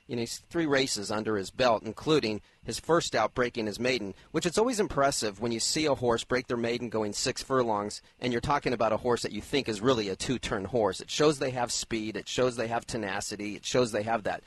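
A man with a mid-pitched voice explains the racing contenders in a fluent, energetic way. His voice is recorded close and dry. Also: brisk, hardly any pauses, no room sound. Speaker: racing analyst. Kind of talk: horse racing radio talk.

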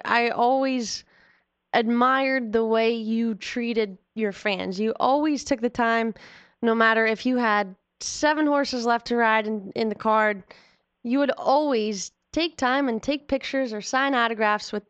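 Woman host, admiring interviewer, a bit high-pitched, lo-fi recording. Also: clean tone, no room sound. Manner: warm, admiring, encouraging. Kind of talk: interview questions. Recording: dry, dull lo-fi audio.

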